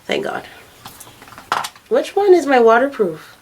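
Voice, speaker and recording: A woman's voice: high-pitched, very animated, slow pace, a little mellow, slight background noise. A young adult woman chatting candidly while doing her makeup, swearing now and then and laughing at herself. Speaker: vlogger.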